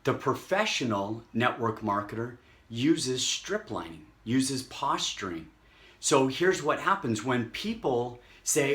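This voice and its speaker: A man giving a motivational network marketing training talk, energetic and acting out quick snippets of dialogue with prospects. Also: medium pitch.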